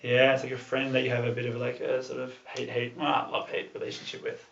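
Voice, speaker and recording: A man's voice: mid-range voice, completely flat delivery, fast, vocal fry, fairly bright tone, a little hiss or hum. A man giving a casual, loose talk to a small group, using many fillers and the odd swear. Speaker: club talk presenter. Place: room with a group of listeners. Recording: echoey room, far from the mic, dull sound.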